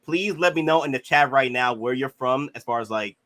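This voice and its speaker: A man with a cold hosting a casual livestream. He talks in a mellow, subdued way and often stumbles and restarts his sentences. His voice sits at an ordinary middle pitch. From Houston. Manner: mellow, halting, many restarts. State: has a cold. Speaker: livestream host.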